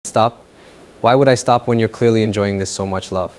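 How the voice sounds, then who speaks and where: Low-voiced, possessive, mocking young man, as a male actor reads him for an audio story. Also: steady tone, a little mellow, slight background noise, lightly acted. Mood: taunting. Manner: slow, taunting, mocking. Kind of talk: audio fan fiction role-play.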